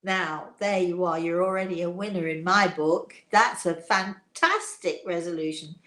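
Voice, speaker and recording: A woman's voice: lowish voice, a little slow, fairly bright tone. Older woman, English accent, chatty, hesitant fillers, encouraging, echoey room. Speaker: spiritual medium and author answering viewer questions. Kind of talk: casual live Q&A chat.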